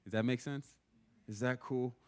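A young man preaching a sermon in a casual, animated way, often checking in with "right?". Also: medium pitch, moderate pace, clear, resonant tone.

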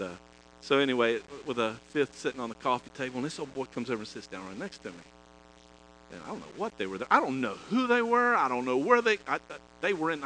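Bright-voiced, animated male preacher. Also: a little hiss or hum, rough recording. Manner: animated, swings between loud emphasis and low asides; chatty, folksy, repeats and restarts phrases. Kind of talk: sermon with personal stories.

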